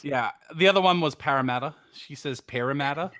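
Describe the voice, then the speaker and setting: A man's voice: a little high, a little fast, bright, forceful tone. An Australian man co-hosting a live podcast, chatting casually in a rambling way with many restarts. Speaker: podcast co-host.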